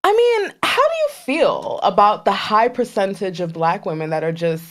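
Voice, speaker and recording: A young woman from Trinidad co-hosting a casual podcast chat, playful and quick to laugh, with lively asides. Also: medium pitch. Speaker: podcast co-host.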